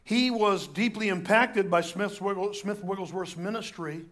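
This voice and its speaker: A male pastor speaks to his church in a high voice, chatting through the sermon with quick jokes and restarted phrases. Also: a bit bright. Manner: conversational, joking asides, restarts.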